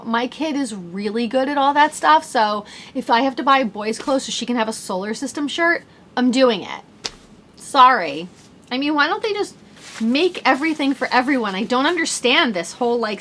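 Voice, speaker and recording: Woman in her thirties, podcast host, bubbly and chatty, fairly high voice, lots of "like". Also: fairly bright tone, a little hiss or hum. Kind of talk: casual chat.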